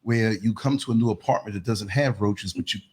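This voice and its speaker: An American man in his late fifties hosting a podcast, chatting casually in a relaxed, rambling way. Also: on the low side, fairly quick, husky. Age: 50s. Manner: relaxed, rambling, frequent laughs. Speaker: podcast host. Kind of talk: casual conversation.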